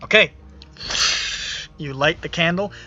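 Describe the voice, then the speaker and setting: A man running a tabletop game as game master, narrating in an unhurried, descriptive way. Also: fairly high pitch, sharp tone. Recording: dull lo-fi audio with faint music.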